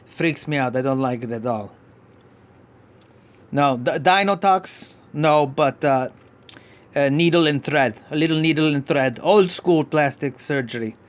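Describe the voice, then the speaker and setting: A man voicing a goofy male dinosaur puppet pup who hosts a live podcast, talking in a vague put-on foreign accent, rambling with many halting restarts. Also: a little high, lightly acted. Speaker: podcast host. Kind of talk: live podcast character act.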